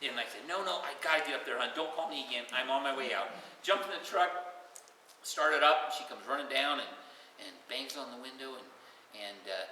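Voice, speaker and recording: An older man telling stories at his own retirement party, animated and acting out the voices of the people in them. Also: medium pitch, fairly quick, slight background noise. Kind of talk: storytelling to a crowd. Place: hall at a party, heard from afar. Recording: roomy hall, voice far from the mic.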